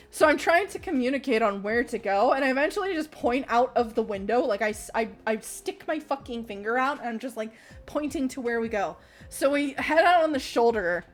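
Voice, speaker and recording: Young woman streamer, high voice, animated storyteller, swears a lot, faint music underneath. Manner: animated, swears freely, laughs mid-sentence. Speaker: livestreamer. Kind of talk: casual storytelling.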